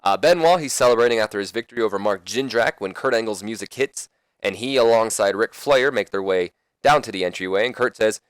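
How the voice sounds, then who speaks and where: A young man rambles through his commentary on a wrestling management game, tripping over words and fixing them. His voice sits low and comes across clear and smooth. The sound is dry and close. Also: brisk, dry recording. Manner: casual, rambling, self-correcting. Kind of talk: let's play commentary.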